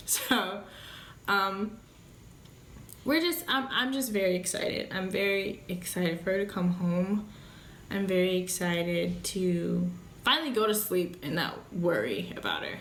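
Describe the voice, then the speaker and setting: A woman's voice: lowish voice, animated, takes it slowly, a bit bright, a little hiss or hum. Blunt, profane young woman vlogging in an echoey room. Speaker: vlogger, new mother. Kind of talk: candid casual vlog talk.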